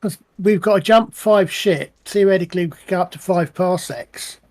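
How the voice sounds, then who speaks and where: High-voiced hesitant male player. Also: normal speed. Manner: hesitant, restarts often. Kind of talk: casual tabletop chat.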